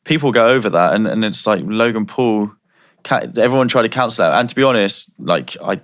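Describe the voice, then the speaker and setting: A man's voice: on the low side, fairly quick, a bit bright. A man co-hosting a podcast, chatting thoughtfully and asking questions. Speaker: podcast co-host. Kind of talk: casual podcast chat.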